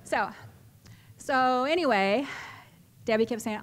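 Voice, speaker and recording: A woman's voice: a little high, normal speed. Chatty woman speaking in an echoey hall. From California, USA. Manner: animated, chatty, laughs often, with restarts. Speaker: symposium speaker. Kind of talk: storytelling presentation to an audience. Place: large hall with a live audience.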